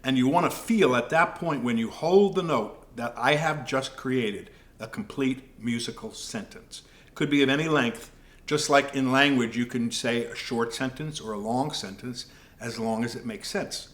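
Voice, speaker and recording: A man teaching jazz piano improvisation, explaining in a calm, measured way. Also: mid-range voice. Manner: calm, measured explaining with scat syllables and counting. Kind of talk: music lesson explanation.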